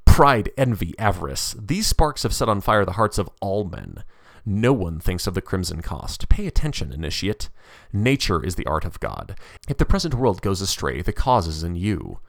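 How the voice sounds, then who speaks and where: Man doing a stern scolding poet ghost, preachy, lively swings in pitch, dry sound. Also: normal speed, creaky, no room sound, full character voice. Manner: stern, preaching, with mocking laughs. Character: stern medieval male poet spirit, scolding and grand. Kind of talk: dramatic reading of a story.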